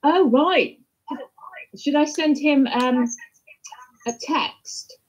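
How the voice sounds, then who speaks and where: A British woman joining a live show over a video call, asking quick helpful questions. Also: high voice. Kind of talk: casual call chat. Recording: dull, lo-fi call audio.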